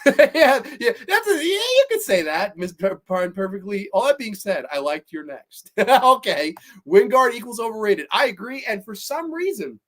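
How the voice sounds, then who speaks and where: A man's voice: high-pitched, fairly bright tone. A man hosting a live horror show, reading chat and ranting bluntly with profanity. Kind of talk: casual live-stream chat.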